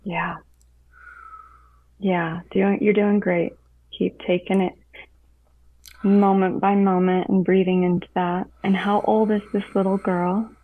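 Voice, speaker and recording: A woman somatic coach gently guiding someone through an emotional exercise, speaking calmly over a call. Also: mid-range voice. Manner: slow, soothing guiding. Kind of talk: guided coaching session. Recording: tinny phone-line audio.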